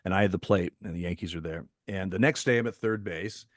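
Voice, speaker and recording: A man's voice: low voice, fast, no echo, studio quality. An older man, a retired umpire, chatting casually and telling stories, often repeating words and laughing as he talks. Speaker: retired MLB umpire, guest. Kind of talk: casual storytelling in an interview.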